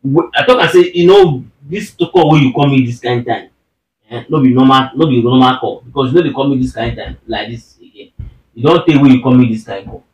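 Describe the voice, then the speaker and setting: A man's voice: mid-range voice, fairly quick, muffled recording. Insistent Nigerian man speaking Pidgin. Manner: insistent, keeps demanding plain explanations in Pidgin. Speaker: husband. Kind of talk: casual argument between spouses. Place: room at home. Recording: roomy and distant.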